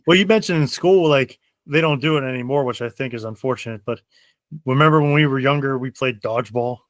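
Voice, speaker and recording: Young guy hosting a chat show, laughs a lot, dead dry mic, regular pitch. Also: a little fast, no echo. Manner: laughs often while telling stories. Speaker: podcast host. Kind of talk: casual chat.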